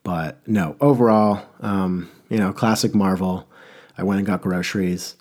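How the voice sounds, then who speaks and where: Young male podcast host with a fairly low voice. Loose, rambling solo delivery that pokes fun at himself. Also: fairly even intonation, unhurried, darkish tone. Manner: rambling, self-mocking, with many restarts. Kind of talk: casual solo podcast monologue.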